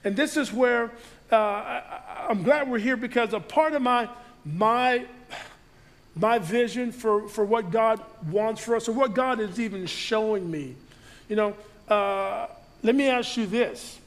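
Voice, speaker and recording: A man's voice: high-pitched, measured pace. A man preaching to his congregation, reading scripture aloud and riffing on it with frequent restarts. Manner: reads scripture aloud and riffs on it, with many restarts. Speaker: pastor. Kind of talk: sermon.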